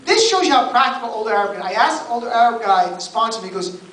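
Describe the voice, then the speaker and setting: A New Jersey man with a very high, expressive voice races through a stand-up set, working the crowd and tossing out mock-exasperated asides. The club recording is roomy and distant, loud with noise as the audience laughs and chatters.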